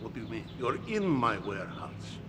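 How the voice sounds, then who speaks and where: A man's voice: fairly low pitch, big pitch swings, moderate pace. An actor playing a defiant male smuggler with a put-on Russian accent in a video game, indignantly protesting his innocence. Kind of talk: 1990s full-motion video game acting. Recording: game audio with clear background noise.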